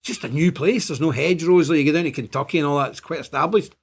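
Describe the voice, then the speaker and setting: A man hosting a casual online show, rambling and animated, often swinging up loud. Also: a little high, racing, husky. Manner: animated, rambling, chants and jokes. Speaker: host.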